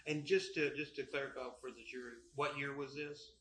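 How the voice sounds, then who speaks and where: A man's voice: medium pitch, level tone, fairly quick, fairly bright tone. A man questioning a witness in court, asking methodical, clarifying questions. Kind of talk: courtroom examination. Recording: echoey courtroom mic.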